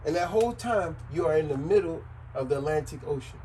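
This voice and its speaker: A man's voice: fairly high pitch, fast, a little hiss or hum, low-quality recording. A man giving a casual, joking explanation to the camera, repeating his points often. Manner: repetitive, animated, joking. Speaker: vlogger.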